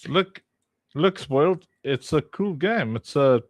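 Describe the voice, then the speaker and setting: A man's voice: fairly high pitch, expressive, takes it slowly, no echo, clean studio sound. A man streaming while playtesting his own game, chatty and teasing, talking to viewers by name. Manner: chatty, teasing, laughs often, talks to chat by name. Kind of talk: casual livestream chat while playtesting.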